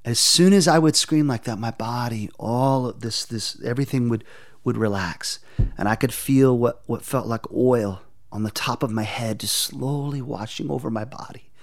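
A man telling a personal testimony in an interview, earnest and intense, often halting and repeating words as he searches for them. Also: medium pitch. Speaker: interview guest.

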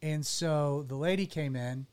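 Earnest man with a raised pitch. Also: darkish tone, clear, resonant tone. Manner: earnest, halting, with frequent restarts. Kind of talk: personal storytelling in conversation.

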